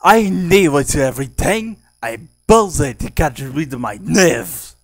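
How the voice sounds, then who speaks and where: Guy doing a loud old cat-creature king, pitched up, pushy and strained. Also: big pitch swings, unhurried, dry recording, heavily acted. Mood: boastful.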